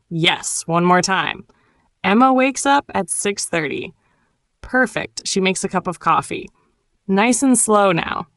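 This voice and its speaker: A woman teaching an English lesson, narrating a simple story and gently coaching learners to repeat words, with warm encouragement. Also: medium pitch, expressive, unhurried, dry recording, studio quality. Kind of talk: slow ESL lesson narration.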